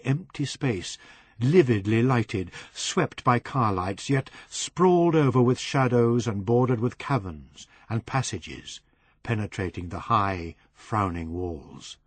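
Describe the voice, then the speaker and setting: A man narrating a novel as an audiobook reader, in a measured way that slows on descriptive phrases. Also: mid-range voice, breathy edge, no room sound.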